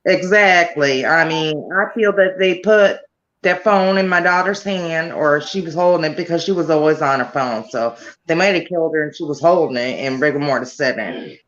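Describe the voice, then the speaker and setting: A woman's voice: deep voice, moderate pace, lo-fi sound. A grieving mother speaking in a remote interview, telling her story in a rambling way that keeps circling back to details. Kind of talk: remote interview over a call.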